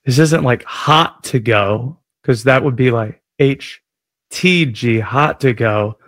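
A man's voice: mid-range voice, slow pace, dry recording, studio quality. A man hosting a sports radio show, chatting casually and joking at his own expense. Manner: jokey, self-deprecating, animated.

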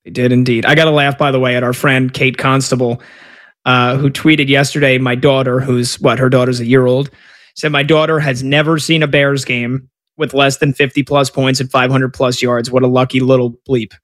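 A man's voice: medium pitch, flat delivery, moderate pace, fairly bright tone. A man hosting casual sports talk, chatty and reacting to a live game as he steers the conversation with questions. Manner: chatty, leading questions and asides.

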